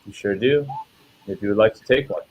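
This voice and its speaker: A man narrating as game master in a tabletop game, relaxed and descriptive with some fillers. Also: fairly low pitch, fairly quick, slightly rough, lo-fi sound.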